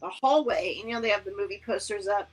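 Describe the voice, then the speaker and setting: A woman's voice: mid-range voice, fast, breathy edge. A woman co-hosting a podcast, chatting casually and acting out movie scenes with lots of laughter. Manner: animated, laughing storyteller who acts out movie scenes. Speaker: podcast co-host. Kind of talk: casual chat.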